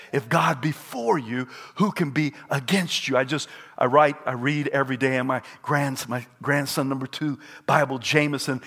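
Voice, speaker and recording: An older man preaching a sermon, repeating his points and rising to shouted peaks. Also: fairly high pitch. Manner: repetitive and emphatic. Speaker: pastor.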